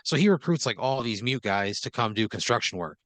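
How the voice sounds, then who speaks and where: A man at a podcast microphone tells a rambling, improvised comic story at a middling pitch. He leans on filler words and keeps checking in with his listener. The sound is dry and close. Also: animated, a little fast, a bit bright, dry recording. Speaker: podcast host.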